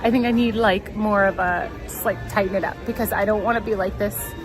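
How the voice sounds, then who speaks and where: Streaming live on a handheld phone from a crowded theme park, a woman holds back tears and talks herself through her nerves with nervous laughs in casual chat. Her medium-pitched voice is fairly quick and fairly even in intonation. Crowd chatter and park music fill the background of the low-quality recording.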